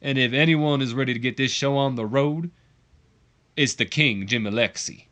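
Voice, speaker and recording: A man's voice: mid-range voice, normal speed, a bit bright, close to an everyday voice. A man voicing a swaggering male wrestler with a famous-singer impersonator gimmick, cutting a boastful drawling promo. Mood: cocky.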